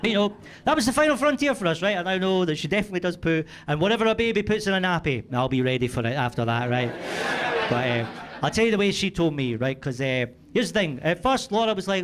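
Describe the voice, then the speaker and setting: Scottish stand-up in his thirties, high voice, tells a sweary yarn on a handheld mic in a noisy club. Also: lively intonation, a little fast, a bit bright. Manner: chatty storytelling with frequent "right?" tags, swearing. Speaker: stand-up comedian. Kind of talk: stand-up comedy set. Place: comedy club stage. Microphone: handheld stage mic. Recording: noisy live club recording.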